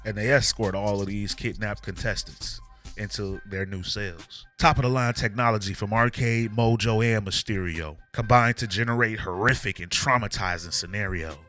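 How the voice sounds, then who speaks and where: Laid-back comic recap host, bright tone, slangy delivery. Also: male voice, lowish voice, moderate pace, faint music behind. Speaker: comic book channel host. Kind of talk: casual comic recap narration.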